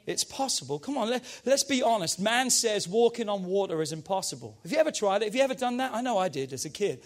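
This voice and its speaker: High-voiced man preaching with fervor. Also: fast. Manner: energetic, emphatic preaching with call-and-response urging. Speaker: pastor. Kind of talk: sermon.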